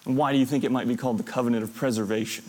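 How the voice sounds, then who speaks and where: A man's voice: medium pitch, fairly even intonation, very fast, darkish tone. A man teaching a Bible class, explaining step by step, recapping lists and putting questions to his students. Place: classroom or church hall with students. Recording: long reverb of a hall.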